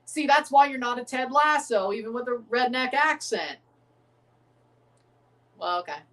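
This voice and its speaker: A man's voice: very high voice, animated, a little slow, a bit bright, distant mic. An American man, chuckling and rambling through casual live commentary while reacting to a soccer match. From United States.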